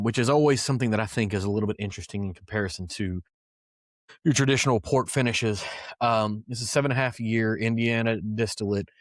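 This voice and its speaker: A man's voice: on the low side, dry recording, clean studio sound. A man hosting a casual whiskey podcast, talking loosely with plenty of fillers and asides. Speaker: podcast host.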